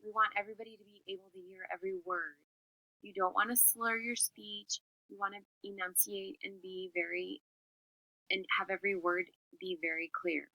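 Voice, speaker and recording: Female teacher, clear expressive lesson delivery, bright tone, dry close sound. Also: mid-range voice, normal speed, no room sound, rough recording. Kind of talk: classroom lesson on public speaking.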